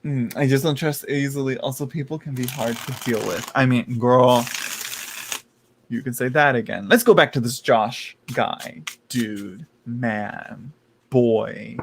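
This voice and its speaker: A man's voice: mid-range voice, a little slow, creaky, slight background noise. A man doing a live tarot reading stream, chatty and campy, laughing often and calling viewers "girl". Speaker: tarot reader.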